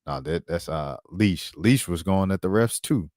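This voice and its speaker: Low and a little mellow, his voice is expressive and measured in pace, recorded dry with clean studio sound. As host of a casual basketball commentary stream, he keeps it slangy and easygoing, often saying "bro" and "dog" while calling up clips.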